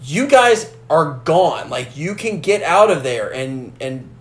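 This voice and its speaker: A man in casual film discussion, animated, acting out movie lines as he retells scenes. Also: a little high, slow, roomy sound. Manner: animated, acts out movie lines in character voices.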